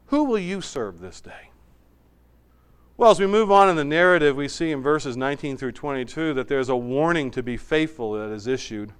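A man preaching a sermon as pastor, swinging between emphatic raised passages and quiet, hushed asides. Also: a little high, clean tone.

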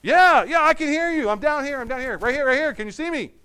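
A man voicing a panicked man hanging from a cliff, yelling and pleading for help. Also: sits high, very animated, brisk, pitched above the performer's own voice, full character voice.

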